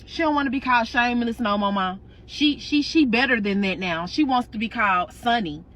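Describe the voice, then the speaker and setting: A woman's voice: fairly high pitch, fairly quick, a bit bright, lightly acted. A woman doing her snippy, mouthy sister. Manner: snippy and profane. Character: mouthy, spiteful grown younger sister.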